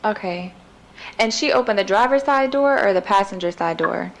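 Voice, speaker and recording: A woman investigator asking calm, probing questions in a recorded police interview, with frequent soft acknowledgments. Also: medium pitch, moderate pace, creaky, rough recording.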